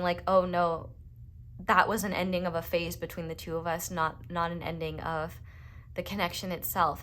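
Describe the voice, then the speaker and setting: Young female tarot reader, low-pitched, gentle and reassuring, chatty and casual. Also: a little hiss or hum. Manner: gentle, reassuring, with frequent fillers. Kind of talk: casual spoken tarot reading.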